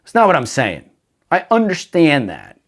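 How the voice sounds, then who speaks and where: A man hosting a faith talk show, telling a casual story in a relaxed way, with lots of "dude" and "like". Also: fairly high pitch, moderate pace. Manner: laid-back, full of "dude" and "like". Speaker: faith podcast host.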